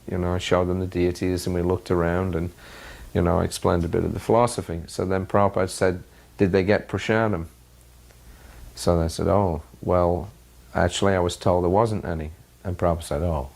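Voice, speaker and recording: Guy, deep gravelly voice, slow story with lots of ums. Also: a little mellow. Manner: unhurried, hesitant with fillers. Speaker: disciple recalling his teacher. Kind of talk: reminiscing anecdote.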